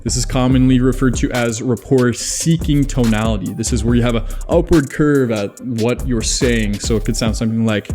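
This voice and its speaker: A man's voice: mid-range voice, brisk, hardly any pauses, darkish tone, faint music behind. A man hosting a self-improvement video, chatting casually and laughing at his own jokes. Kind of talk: casual advice monologue.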